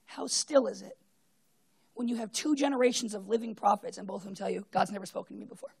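A woman preaching a sermon, retelling a story with acted-out voices and swinging between loud bursts and hushed tones. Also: mid-range voice, steady tone, fast talker, gravelly, husky.

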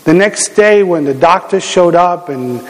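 A middle-aged man preaching a sermon as a pastor, telling stories in an animated way, with frequent fillers and restarts. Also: high voice, a little slow. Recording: long hall reverb.

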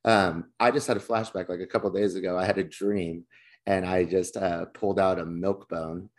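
Deep-voiced man telling loose stories. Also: steady tone, moderate pace. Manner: loose, swearing, laughing storyteller. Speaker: podcast co-host. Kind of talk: casual chat.

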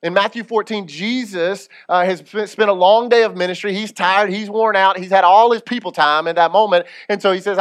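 A man delivers a sermon with a fairly high voice. He preaches in a loose, conversational way, shifting between quiet stretches and louder, lively ones. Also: fairly quick, hardly any pauses. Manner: preaching, animated, retells scripture in casual speech. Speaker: lead pastor.

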